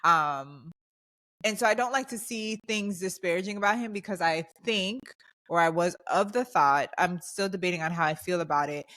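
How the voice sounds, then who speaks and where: A woman's voice: lowish voice, moderate pace, fairly bright tone. A young adult woman co-hosting a podcast, ranting in an emphatic, heated way in casual chat. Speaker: podcast co-host.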